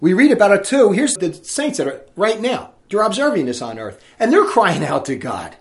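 A man's voice: sits high, very animated, moderate pace. A man preaching a sermon, reading scripture aloud in a fiery, emphatic way.

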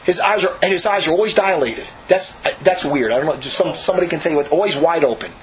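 A man's voice: on the high side, fast talker, highs cut off. A man, a monk, telling a rambling story in a casual way, with frequent repeats and restarts. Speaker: monk recounting monastery life.

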